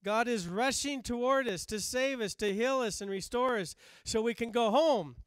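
A man preaching a sermon as pastor, with slow emphatic repetition and passages that drop soft and low. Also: smooth, no echo.

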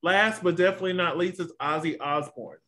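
A man's voice: high voice, steady tone, fairly quick, bright, forceful tone. A man co-hosting a casual show review, chatty and dramatic, often acting out quotes. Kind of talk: casual chat.

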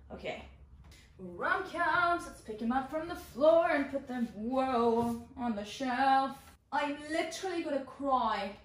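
A woman's voice: high-pitched, big pitch swings, measured pace. Chatty young woman, echoey room. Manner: chatty, swears casually. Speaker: booktuber. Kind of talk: casual vlog chat while tidying. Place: her bedroom. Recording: echoey room, mic far off.

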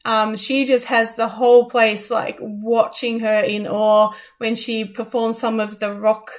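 A woman co-hosting a radio show, reviewing a stage musical in a casual, halting way with many ums. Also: on the high side, level tone. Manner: hesitant, many ums and restarts.

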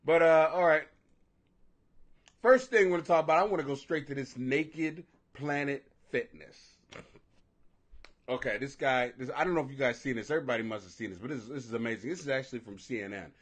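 A man in his forties hosting a live stream, ranting loudly and profanely, laughing as he reacts. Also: medium pitch, a little fast. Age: 40s. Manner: profane, loud, laughing, animated. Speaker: livestream host. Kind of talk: casual ranting commentary.

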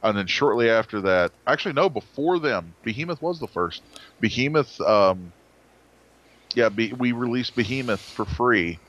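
A man's voice: mid-range voice, animated, normal speed, fairly bright tone, dull audio. A man designer telling stories in a casual interview, rambling with restarts and acted-out quotes.

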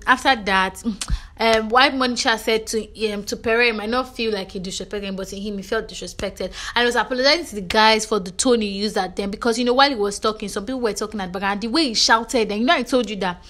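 Chatty Nigerian woman spilling gossip. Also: on the high side. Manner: animated storytelling, frequent "you know" and "do you understand". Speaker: reality show recap vlogger.

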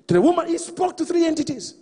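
High-voiced preacher in an echoing hall. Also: male voice, fast. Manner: animated, calls out to the congregation. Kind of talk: sermon.

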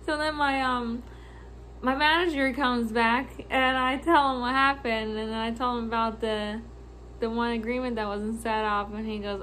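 A woman's voice: on the high side, steady tone, fairly bright tone, a little hiss or hum. A woman vlogger telling a casual storytime about her workday, exasperated, swearing freely and laughing often as she acts out short lines. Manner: acts out customers' lines in quick quoted snippets.

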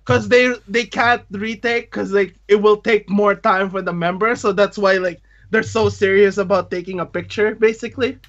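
Excitable canadian-raised guy, high bright voice, keeps laughing, kinda muffled lo-fi audio. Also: normal speed. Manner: excitable storyteller, laughs often, says "like" constantly. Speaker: podcast co-host. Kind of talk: casual chat. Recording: dull lo-fi audio.

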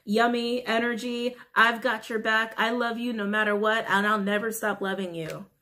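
A woman's voice: a little high, level tone, normal speed, bright, forceful tone. A woman giving a casual tarot reading to camera. She gushes with emotion, swears casually and repeats phrases for emphasis. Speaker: tarot reader.

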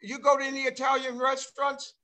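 Rambling, high-voiced older man. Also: completely flat delivery, fairly quick, bright, forceful tone, slight background noise. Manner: rambling, heavy on repeated fillers. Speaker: show host and former player. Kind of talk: casual video-call chat. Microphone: video call.

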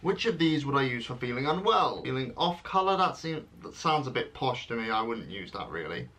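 Reading out online quiz questions for his casual vlog, a twenty-something English vlogger with a British accent pokes fun at himself and plays up comic dramatic pauses. His voice is medium in pitch, highly animated and sharp in tone.

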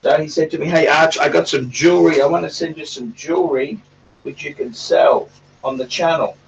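A man's voice: on the high side, steady tone, normal speed, gravelly, distant mic, highs cut off, a little hiss or hum. A man hosting a casual livestream chat, rambling and swearing a lot in a crude way. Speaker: livestream host.

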